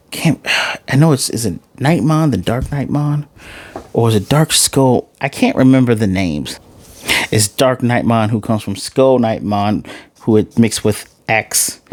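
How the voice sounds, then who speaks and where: A man casually recapping and ranting about an anime episode, rambling and acting out the characters' lines as he goes. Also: on the low side. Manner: animated retelling, acts out lines, rambling. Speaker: anime reviewer.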